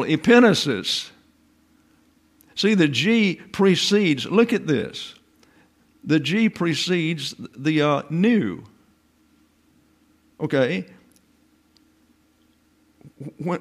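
A man with a slightly high voice teaches scripture with emphatic, drawn-out stresses on Greek terms. He fires off rhetorical questions and restarts his sentences as he presses each point home. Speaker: Bible teacher. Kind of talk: expository Bible teaching.

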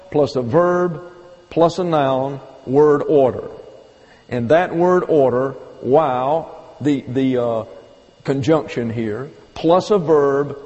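A man teaching an evening Bible lesson, explaining step by step and slowing down to read quotes with emphasis. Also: mid-range voice, darkish tone. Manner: methodical, step-by-step explaining, slow emphatic quoting. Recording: long hall reverb.

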